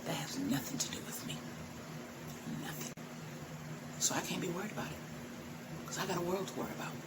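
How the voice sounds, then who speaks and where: A woman's voice: fairly low pitch, very animated, brisk. A middle-aged woman who teaches tantra, talking frankly to her viewers and laughing often. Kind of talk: direct-to-camera talk. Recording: noisy background.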